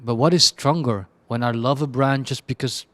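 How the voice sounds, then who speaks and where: A man's voice: mid-range voice, moderate pace, a bit bright. A man, a creative director, answering interview questions in a candid, chaotic way, bluntly and with self-deprecating asides. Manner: chaotic, rambling, frequent restarts and laughs.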